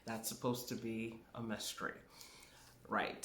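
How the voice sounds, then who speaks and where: Slow, emphatic spiritual teacher, roomy echo. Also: medium pitch. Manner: emphatic, repeats key words. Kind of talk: spoken spiritual class.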